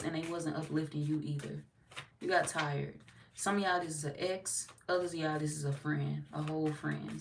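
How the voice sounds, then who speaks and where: A woman giving a tarot reading, talking bluntly and profanely in an animated, scolding way. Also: low voice. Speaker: tarot reader. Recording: slightly distant mic with faint noise.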